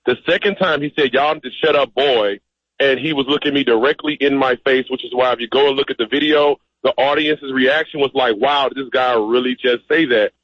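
A man's voice: mid-range voice, steady tone, fairly quick, few pauses, breathy edge, dry recording, lo-fi sound. A man as a radio interview guest, speaking emphatically and directly. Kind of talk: phone-in interview.

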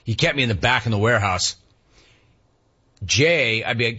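Middle-aged guy hosting, joking around reading listener notes, kinda husky, muffled lo-fi sound. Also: mid-range voice, moderate pace, long pauses, sharp tone. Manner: wry, playful, jumps between impressions and asides. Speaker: show host reading listener messages. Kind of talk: casual talk show banter. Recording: dull lo-fi sound.

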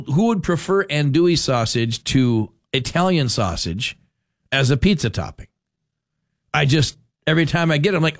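A man's voice: on the high side, dry recording, clean studio sound. A man hosting a talk radio show, rambling and correcting himself in casual chat. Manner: rambling, animated, self-correcting.

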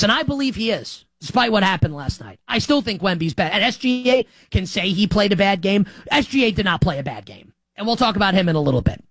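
A man hosting a sports opinion show, talking in an animated, sarcastic way. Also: high-pitched, dry recording. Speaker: sports talk host.

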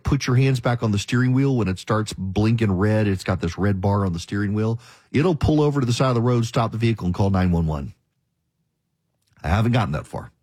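A man's voice: medium pitch, darkish tone, breathy edge, no echo. A man hosting a talk radio show, delivering an emphatic, opinionated monologue and mocking his critics. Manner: emphatic, ranting, mocks critics in quoted voices.

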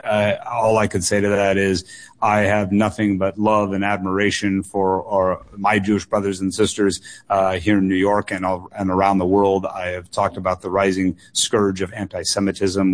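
Guy running for office talking on a radio call-in, kinda low voice, earnest, lots of uhs and repeats. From United States. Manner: earnest, measured, frequent fillers and repeated words. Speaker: political candidate. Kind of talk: call-in radio interview answers.

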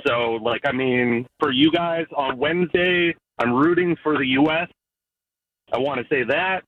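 A man from Canada calling into a sports radio show, earnest and emotional, speaking haltingly. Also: medium pitch, no echo. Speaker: caller. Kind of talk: call-in radio talk. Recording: phone line into radio studio.

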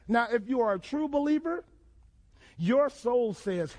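A male pastor preaching a sermon, quizzing the congregation and building to emphatic shouts. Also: very high voice, lively intonation, a little slow. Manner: call-and-response questions to the congregation, emphatic shouted build-ups.

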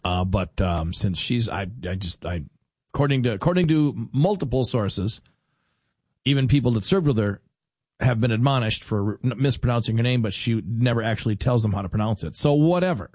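A man's voice: medium pitch, lively intonation, fairly quick, darkish tone, no echo, studio quality. A man hosting a talk radio show, chatting casually and rambling as he reads listener texts aloud.

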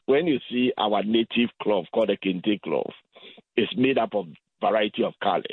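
A guest from Ghana, with a low, slightly husky voice, explains his points slowly and carefully, often repeating and revisiting his words. The audio is thin and phone-like, with no room sound and no echo.

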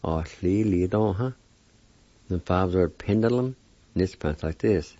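A man giving a slow spelling and pronunciation lesson, spelling out letters and repeating syllables one by one. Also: low-pitched, dark tone, dry recording. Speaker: language teacher. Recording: muffled lo-fi recording.

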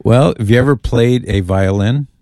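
A man's voice: medium pitch, moderate pace, mellow, no echo, studio quality. A man hosting a call-in radio show, chatting casually and bantering playfully with his co-host and callers.

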